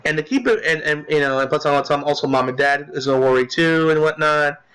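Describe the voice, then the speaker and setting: A man's voice: a little high, fast, a bit bright, clear, resonant tone, low-quality recording. Rambling young man commenting on a game. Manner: rambling, many fillers and restarts; indignant about a character. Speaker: let's play commentator.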